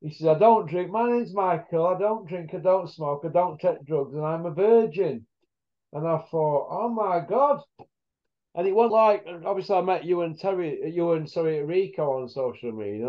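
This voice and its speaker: A man hosting a casual chat, telling rambling stories in blunt slang. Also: fairly high pitch. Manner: rambling storyteller, blunt northern English slang. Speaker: host. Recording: dull lo-fi sound.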